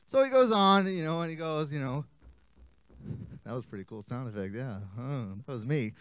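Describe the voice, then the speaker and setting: Goofy kids church teacher guy, super lively voice, jokes around a lot, clean dry sound. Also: fairly high pitch, normal speed, smooth, no room sound. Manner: playful, self-interrupting, jokey. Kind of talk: animated storytelling lesson for kids.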